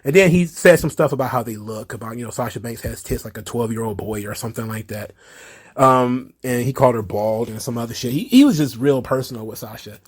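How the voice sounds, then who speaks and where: A man's voice: mid-range voice, brisk, husky. A man hosting a casual commentary video, reading tweets aloud and mocking them with laughter and profanity. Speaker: commentary channel host.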